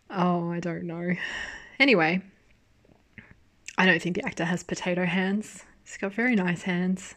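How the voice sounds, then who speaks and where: A woman casually recapping a drama she watched, chatty and animated, with swearing and laughter. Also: fairly low pitch, unhurried, pauses often. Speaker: drama reviewer. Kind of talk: casual chat.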